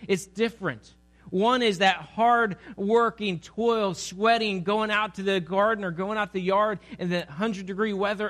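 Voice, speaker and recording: A man's voice: high-pitched, fairly bright tone. A man preaching a sermon with growing passion, often repeating words as he speaks. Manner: impassioned, builds in intensity, repeats words. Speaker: pastor.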